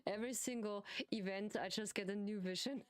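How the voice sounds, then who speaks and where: A woman with a German accent streaming a video game, chatting casually in halting non-native English, giggling often. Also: medium pitch, dry recording, soft background music. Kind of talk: casual gaming stream chat.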